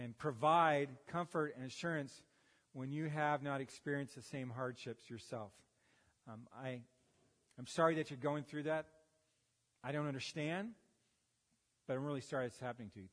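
A man's voice: mid-range voice, big-room sound. A man in his fifties, a pastor, preaching a sermon with folksy stories and self-deprecating humor. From United States. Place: church sanctuary. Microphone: handheld or headset microphone.

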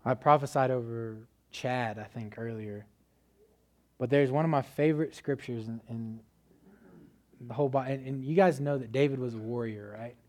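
A male preacher telling a story from the pulpit in a loose, conversational way. He leans on filler words as he talks, and his voice sits in an ordinary middle pitch. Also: steady tone, moderate pace, darkish tone. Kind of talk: casual sermon testimony.

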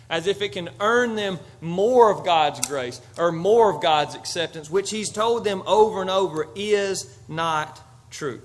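A male pastor preaching a conversational, emphatic sermon that swings from loud to soft. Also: sits high.

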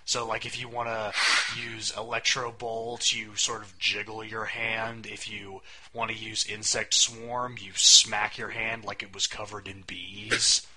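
Young male podcast co-host, low-ish voice, rambling and wry. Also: flat delivery, measured pace, hardly any pauses, a crowd in the background, rough recording. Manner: rambling, wry, swears casually. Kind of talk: casual podcast chat.

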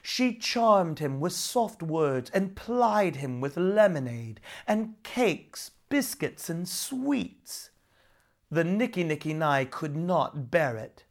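Slow, lively storytelling woman. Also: lowish voice. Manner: slow, expressive storybook narration. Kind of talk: children's story reading.

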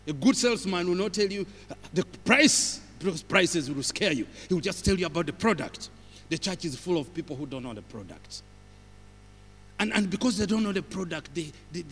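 A high-voiced man with a Ugandan accent preaches as a visiting pastor, his voice rising and falling widely as he tells humorous stories. The sound has a long church reverb that trails after each phrase. He keeps an animated, storytelling manner throughout. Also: moderate pace, a little hiss or hum. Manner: animated, humorous, stops to laugh. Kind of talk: sermon with storytelling.

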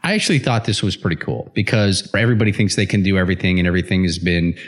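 A man hosting a casual podcast who chats in an animated way, laughs often and restarts his sentences. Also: low voice, rapid-fire. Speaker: podcast host. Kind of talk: casual chat.

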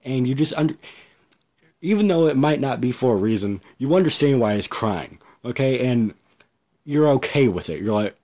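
A man's voice: medium pitch, lively intonation, normal speed, a little mellow. A man hosting a podcast alone, talking in a blunt, ranting way, swearing freely and often restarting his sentences. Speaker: podcast host. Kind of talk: casual solo podcast rant.

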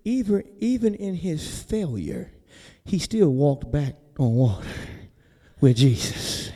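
A pastor preaching a sermon in a folksy, conversational way, building to near-shouts and then dropping soft. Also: male voice, on the high side, very animated, slow, long reverb tail. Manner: folksy, conversational, talks straight to the congregation. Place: church sanctuary.

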